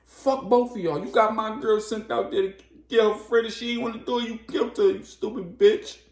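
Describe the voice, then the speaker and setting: A man voicing a grieving young woman who screams in fury, his voice pushed high. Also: steady tone, fairly quick, darkish tone, reverberant. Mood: screaming.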